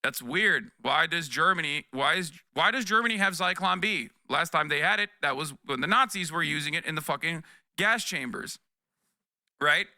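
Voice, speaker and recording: Male streamer, thirties, heated political rant, profane and exasperated, very bright forceful tone, slightly high voice. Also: lively intonation, no echo, studio quality. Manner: profane, exasperated, rapid rants with repeated "okay?". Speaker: streamer reacting to news.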